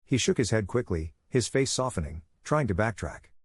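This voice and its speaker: A man narrating a scripted first-person story in a steady, measured way, with a husky voice. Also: fairly low pitch, dry recording.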